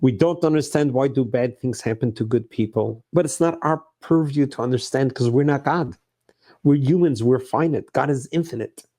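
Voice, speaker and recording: A man's voice: medium pitch, moderate pace, dark tone. A middle-aged man preaching as a rabbi, earnest and emphatic, repeating his phrases. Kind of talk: sermon.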